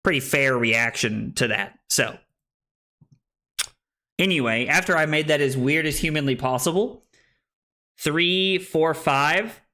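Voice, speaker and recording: Bright-voiced joking young streamer man. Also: a little high, takes it slowly, long pauses. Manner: playful, self-deprecating, chatting with viewers while playing. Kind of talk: live card game stream commentary.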